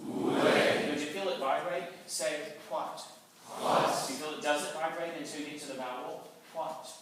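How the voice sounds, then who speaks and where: Man coaching a choir in a booming hall. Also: brisk. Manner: playful, demonstrates sounds for the choir to repeat. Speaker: choir clinician. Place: large echoey hall. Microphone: distant camera mic. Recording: very echoey hall, heard from far off, loud noise.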